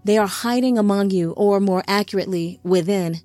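A woman's voice: mid-range voice, fairly quick, darkish tone, dry recording, faint music behind, lightly acted. A woman voicing a stern, curt male angelic captain who gives orders.

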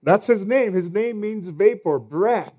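Man preaching, fairly high voice, chatty with lots of fillers, loud then quiet. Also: animated, a little slow. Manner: conversational, many fillers, swings between loud and hushed. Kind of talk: sermon.

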